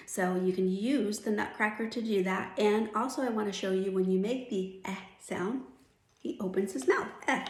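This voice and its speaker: A middle-aged woman gives a phonics lesson at a medium pitch. She explains patiently and demonstrates each vowel sound aloud. Her voice carries the echo of a bare room. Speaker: reading teacher. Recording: echoey room.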